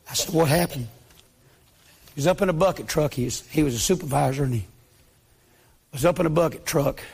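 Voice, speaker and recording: A man's voice: a little high, creaky, a little mellow, husky. A man, a pastor preaching a sermon as a story, impassioned and pleading, dropping to near-whispers when quoting others.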